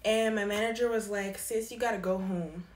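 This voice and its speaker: A woman's voice: normal speed, reverberant. A young woman telling a casual storytime about a past job, acting out what people said with big jumps in her voice. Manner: animated, quoting people with lively pitch jumps. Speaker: storyteller vlogger.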